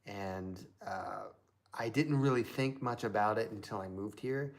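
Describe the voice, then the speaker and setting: A man's voice: fairly low pitch, unhurried. A man from Southern Indiana hosting a live stream, chatting casually in a rambling way with lots of fillers.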